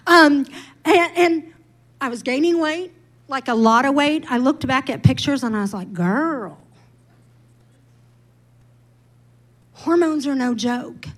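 A woman's voice: high voice, normal speed, low-quality recording. A middle-aged woman pastor giving a candid, personal sermon testimony with emphatic build-ups.

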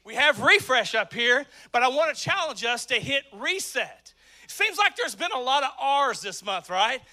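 A man preaching an energetic sermon to a church congregation, often shouting. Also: very high-pitched, moderate pace. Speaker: pastor. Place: church sanctuary with live congregation.

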